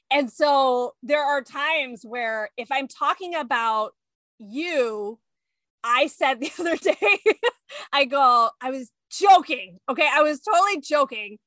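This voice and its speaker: A woman in casual chat, telling family stories in an animated way and acting out quotes. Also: high-pitched, dry recording. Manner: animated storyteller, acts out quotes.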